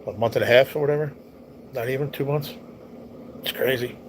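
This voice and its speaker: A man's voice: medium pitch, brisk, very noisy. Rambling, profane male livestream host. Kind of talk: casual storytelling to a live chat.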